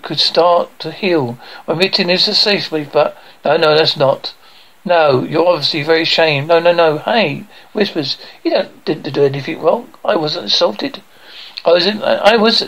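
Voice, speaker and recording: A man with a slightly raised pitch and a gravelly, creaking edge runs through a sitcom script alone. He takes every part himself in one voice and reads the stage directions aloud between the lines. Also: fairly bright tone, low-quality recording.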